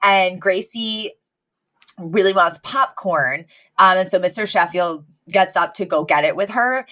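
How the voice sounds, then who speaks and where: A woman's voice: fairly low pitch, unhurried, pushed and bright. Chatty young woman recapping a show. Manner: chatty, lots of fillers and acted-out quotes. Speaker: podcast co-host. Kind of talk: casual recap chat.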